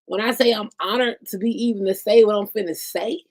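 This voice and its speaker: A woman's voice: mid-range voice, steady tone, brisk, a little mellow. A woman hosting her own podcast live, chatting loosely and directly to her viewers with plenty of asides. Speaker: podcast host. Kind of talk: casual live-stream chat.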